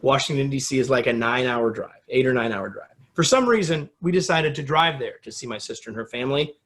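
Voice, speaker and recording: A middle-aged man from the United States, a guest in a casual interview, telling a story with lively acted-out quotes. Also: fast talker. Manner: animated storyteller, acts out quotes with rising pitch.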